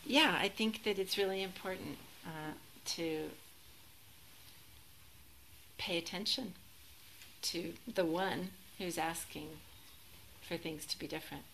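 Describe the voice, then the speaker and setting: A woman teaching as a Zen teacher in a relaxed, reflective dharma talk, gently self-deprecating and sometimes laughing. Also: fairly low pitch, slow pace, gravelly, pauses often, a little hiss or hum, rough recording.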